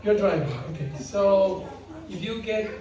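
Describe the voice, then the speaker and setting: Speaking unhurriedly in a mid-range voice, this devotional speaker jokes and quizzes the crowd during a casual spiritual talk, drawing plenty of laughter. It was captured in a big, very echoey hall from a distant mic, with audience sounds behind.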